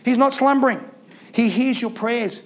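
A man's voice: extremely high pitch, moderate pace. A man preaching a fervent sermon, driving points home with emphatic repeated phrases. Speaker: pastor.

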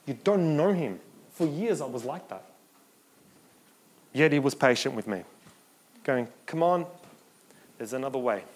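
A man preaching a sermon, moving between conversational asides and emphatic scripture reading. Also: mid-range voice.

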